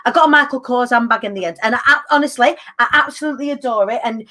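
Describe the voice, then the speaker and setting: A woman in her thirties hosts a relaxed conversation with a noticeably high voice. She talks in a quick, chatty flow and acts out what other people said to her. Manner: chatty, animated storyteller acting out quotes. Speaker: podcast host. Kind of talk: casual chat.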